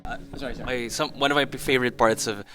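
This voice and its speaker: A Filipino band member explaining thoughtfully in an interview chat, with small restarts. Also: male voice, mid-range voice, steady tone, rapid-fire, a bit bright, faint music behind. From Philippines.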